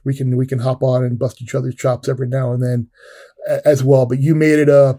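A man with a mellow, warm voice co-hosts a casual sports podcast. He rambles in a relaxed way, restarting his sentences as he goes. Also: medium pitch, a little fast. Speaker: podcast co-host.

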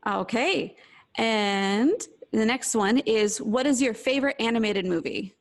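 A woman hosting a podcast interview, asking brisk quiz-style questions and laughing often. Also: fairly high pitch. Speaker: podcast host. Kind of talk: casual interview.

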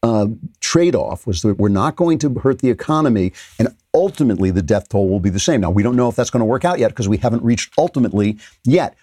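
A man's voice: lowish voice, animated, quick pace, mellow, dry recording, studio quality. An older man hosting a political commentary show, delivering an opinionated monologue with sarcastic asides and frequent restarts.

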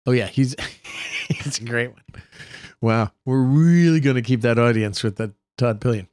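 A man's voice: mid-range voice, normal speed, darkish tone, clean tone, no room sound. A man, co-hosting a casual podcast, telling joking stories and mimicking colleagues. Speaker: podcast co-host and state senator.

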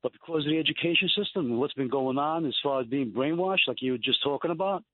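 Polite New York caller on a phone line. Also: male voice, on the high side, no echo. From Brooklyn, New York. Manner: polite, earnest, fast-talking.

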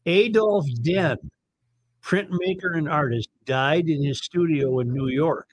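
A man's voice: fairly high pitch, a little slow, dry recording, poor audio. A man hosting a talk radio show, reading news and this-day-in-history items in a casual, conversational way. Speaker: radio host.

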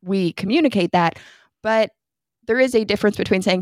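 A woman in her thirties chats earnestly as co-host of a parenting podcast, talking things through with lots of "like" and "right?". Her voice sits in a middle pitch. The sound is dry and close, with no room echo. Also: fairly quick. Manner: earnest, explains at length with many "like" and "right?". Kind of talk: casual chat.

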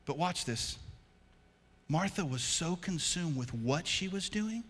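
A man's voice: fairly high pitch, animated, slow pace, fairly bright tone, slightly rough. A man pastor preaching a sermon in a church, emphatic and repetitive, calling out to his congregation and asking them to respond. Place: church sanctuary. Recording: long church-hall reverb.

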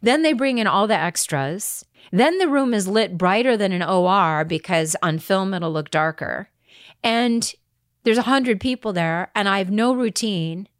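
Animated woman telling a story. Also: medium pitch, unhurried, no room sound, clean studio sound. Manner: animated, acts out quoted people. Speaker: actress guest. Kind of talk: casual anecdote telling.

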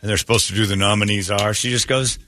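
A male morning radio host tells opinionated stories in a rambling, blunt way. His voice sits a bit low with a forceful edge. The sound is dry and close on a studio microphone. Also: fairly even intonation, quick pace, no echo. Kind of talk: casual opinionated chat.

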